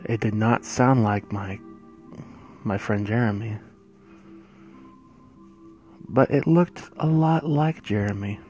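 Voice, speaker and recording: A man telling a first-person horror story, hushed and suspenseful, with drawn-out pauses. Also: on the low side, faint music behind.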